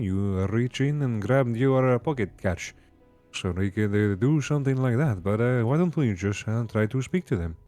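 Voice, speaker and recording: A man playing a tabletop game, talking casually in a halting way with many fillers. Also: fairly low pitch, mellow. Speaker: player.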